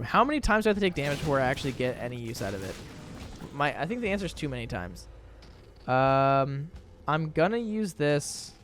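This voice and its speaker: Lively young man rambling over gameplay. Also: mid-range voice. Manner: chatty, rambling, animated, exaggerated indignation. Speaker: gaming video creator. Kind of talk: casual gameplay commentary.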